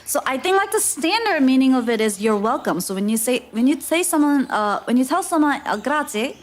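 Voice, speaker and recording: A woman's voice: high voice, sing-song, a little fast. A woman streamer telling a travel story in casual live-stream chat, laughing often and filling her talk with "like". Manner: chatty, laughs often, lots of "like" fillers.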